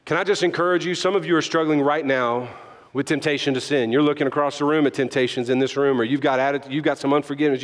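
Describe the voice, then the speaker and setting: A man's voice: high voice, a bit bright, long reverb tail. A man with a Southern US accent preaching a sermon as pastor, urging the crowd to answer back and tossing in playful asides.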